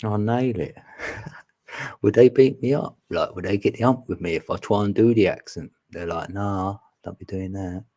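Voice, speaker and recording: A man's voice: fairly low pitch, moderate pace, dark tone. A man, chatting casually with viewers on a live stream, laughing often and teasing them.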